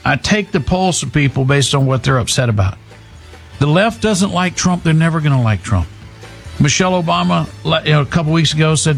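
A man's voice: fairly high pitch, very animated, normal speed, faint music behind. A male talk show host giving opinionated, rambling commentary on sports and politics, emphatic, with frequent restarts.

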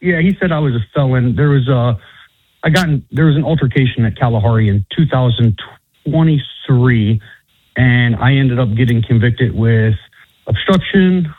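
A man as a guest on a talk show, telling his story casually and haltingly. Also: medium pitch, slightly rough, dry recording. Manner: halting, many fillers and restarts. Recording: tinny, dry phone-like sound.

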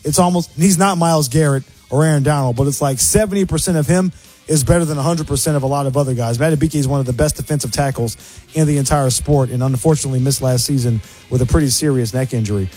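A man hosting a sports radio show, giving quick, opinionated game analysis. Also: medium pitch, a little mellow, soft background music.

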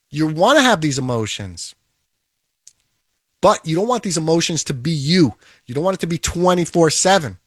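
A man's voice: a little high, no echo, studio quality. A man giving an emphatic, repetitive motivational talk about toughness and handling emotions. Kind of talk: motivational monologue.

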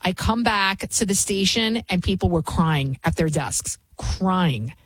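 Fast-talking sarcastic woman hosting talk radio. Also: on the low side, expressive, breathy edge, no room sound, low-quality recording. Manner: talks fast, rarely pauses; mocking, sarcastic. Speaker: talk show host. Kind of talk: opinionated talk radio commentary.

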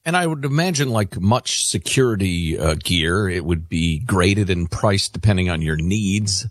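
A man's voice: sits low, expressive, unhurried, no echo. A man co-hosting a talk radio show, trading sardonic jokes in casual banter.

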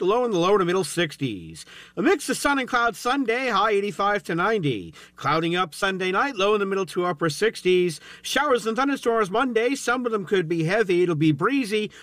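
A man's voice: sits high, fairly bright tone, dry recording. Upbeat man reading the weather. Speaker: weather forecaster. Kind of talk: radio weather forecast.

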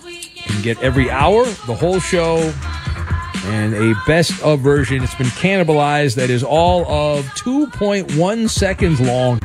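A man hosting a sports talk radio show, bantering in a quick, joking manner. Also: a little high, expressive, music in the background. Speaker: radio host.

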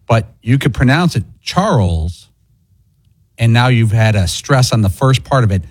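A man on a sports radio show calmly explaining what he looked up. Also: medium pitch, dry recording, clean studio sound. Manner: measured, explanatory. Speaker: co-host.

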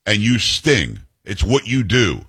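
A man's voice: lowish voice, sing-song, slow, a bit bright, husky, heavily acted. A man voicing a wary, indignant frog. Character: wary male frog in a fable.

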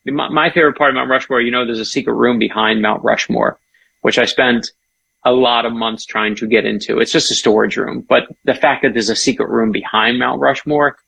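Male author guest, husky and gravelly, keen storyteller in casual talk. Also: mid-range voice, fairly even intonation, a bit bright. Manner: enthusiastic storyteller, quick asides. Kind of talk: casual chat.

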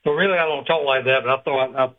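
A man's voice: mid-range voice, fast talker. Southern-accented man with a thick drawl. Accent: Southern US, South Carolina. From South Carolina. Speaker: caller. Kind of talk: phone-in radio call. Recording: phone line.

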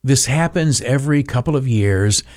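A man's voice: mid-range voice, lively intonation, moderate pace, a little mellow. A man hosting a talk radio show, delivering a casual opinion monologue in a rambling, sarcastic way with plenty of fillers and restarts.

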